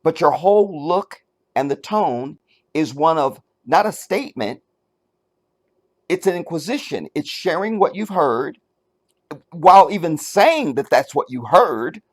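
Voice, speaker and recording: A man hosting his own commentary channel, talking in a casual, animated way and checking that the viewer is following. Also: on the high side, unhurried, pauses often. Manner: animated, talks straight to the viewer, asks if they follow; searches for words, many restarts and fillers.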